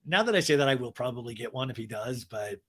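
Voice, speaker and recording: A man's voice: mid-range voice, quick pace. A man hosting a comedic recap podcast, talking animatedly and giggling between his own jokes. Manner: animated, giggly, acts out quotes. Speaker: podcast host.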